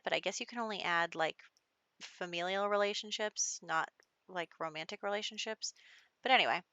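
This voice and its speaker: A woman's voice: on the low side, bright, forceful tone, dry recording. A young woman hosting a casual life-simulation let's-play, chatty and a bit exasperated as she rambles through her commentary. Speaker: gaming channel host.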